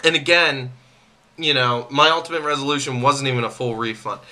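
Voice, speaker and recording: An angry man rants straight to camera, his voice strikingly bright and sharp. He circles back to the same complaints again and again, stumbling over his words and restarting sentences as his irritation builds. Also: medium pitch, steady tone, brisk. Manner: irritated, repetitive, stammering restarts. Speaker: vlogger.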